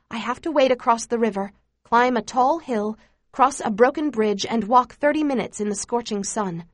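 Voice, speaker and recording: Woman reading a memoir, earnest and measured, kinda high voice, dry close sound. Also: dry recording. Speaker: audiobook narrator. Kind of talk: scripted first-person memoir narration.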